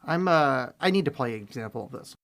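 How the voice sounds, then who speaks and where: A podcast co-host chatting casually, blunt and opinionated with quick asides. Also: medium pitch, animated, fairly bright tone. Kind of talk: casual chat.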